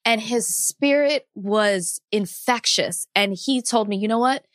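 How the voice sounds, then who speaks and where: A woman's voice: a little high, unhurried, no echo, clean studio sound. A woman co-hosting a podcast, talking casually in an earnest, reflective way. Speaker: podcast co-host. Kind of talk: casual chat.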